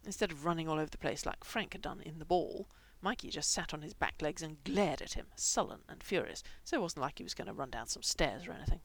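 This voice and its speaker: A woman reading fan fiction aloud, moving between plain narration and soft whispered asides. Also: deep voice, quick pace, vocal fry, hardly any pauses, slight background noise. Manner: reads dialogue with lively shifts, dropping to whispers.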